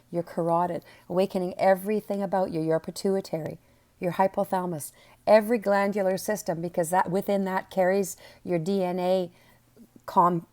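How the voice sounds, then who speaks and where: A woman's voice: medium pitch, darkish tone. Earnest woman giving a spiritual webinar. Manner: soothing, earnest, emphatic encouragement. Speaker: spiritual teacher.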